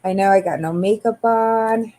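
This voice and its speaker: A middle-aged woman hosting a casual livestream, greeting viewers by name in a relaxed, tired, unhurried way. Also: medium pitch. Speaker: livestream host.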